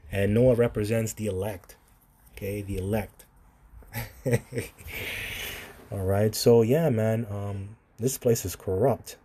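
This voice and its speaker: Man, scripture teacher, informal sermon, husky, warm low tone, laughs between verses. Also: steady tone, slow pace, pauses often. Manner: informal, laughs often, keeps saying "man". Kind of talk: sermon-style Bible reading and commentary.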